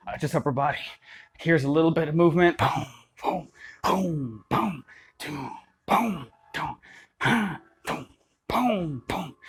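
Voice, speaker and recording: Man counting out dance beats. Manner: loose and rambling, counting beats with "boom". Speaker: popping dance teacher. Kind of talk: casual spoken dance tutorial.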